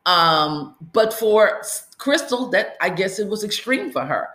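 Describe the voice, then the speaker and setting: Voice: mid-range voice, expressive, measured pace, bright, forceful tone. A podcast host giving a casual, rambling recap of a TV episode. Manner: chatty, rambling storyteller. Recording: roomy, echoey room.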